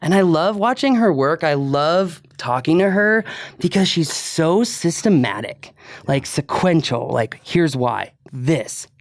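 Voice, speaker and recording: A man hosts a podcast in loose, chatty conversation full of filler words and frequent laughter. His expressive voice sits on the high side at a measured pace, with studio-quality sound and no echo.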